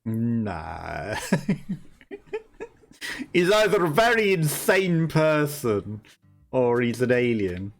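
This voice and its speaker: A man hosts a let's play over game music, his mid-range voice very animated but extremely slow, with vocal fry and frequent pauses. His gameplay commentary is chatty and amused, and he laughs often.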